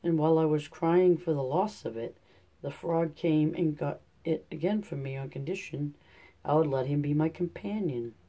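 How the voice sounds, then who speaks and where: A man's voice: a little high, moderate pace, warm tone. A man reading a storybook aloud, voicing a spoiled young princess with a raised, eager and pleading delivery. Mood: fretful.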